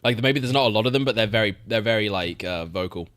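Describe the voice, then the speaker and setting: A man's voice: fairly low pitch, quick pace, a bit bright, dry recording, clean studio sound. A young man streaming, chatting casually about games, swearing freely and laughing often. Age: young adult. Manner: laid-back, swears, laughs often, repeats words.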